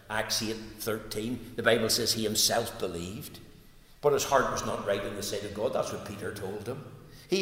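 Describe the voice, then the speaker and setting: A man preaching a sermon, swinging from loud emphatic cries to low earnest tones. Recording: echoey hall sound.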